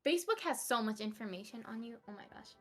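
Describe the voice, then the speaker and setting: A woman's voice: fairly high pitch, animated, fast, fairly bright tone. A young woman streamer chatting casually as a podcast guest, laughing often. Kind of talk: casual interview chat.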